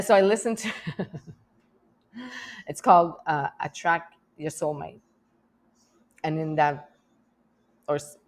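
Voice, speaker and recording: A middle-aged woman talking candidly in a personal vlog, emotional and rambling, laughing often and restarting her sentences. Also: low-pitched. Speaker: vlogger.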